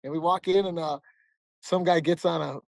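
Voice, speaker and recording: A man's voice: a little high, fairly even intonation, normal speed, vocal fry, dry recording, low-quality recording. A man in his forties from the American Midwest, a podcast guest telling a long story in a rambling, casual way, often laughing and saying "man". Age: 40s.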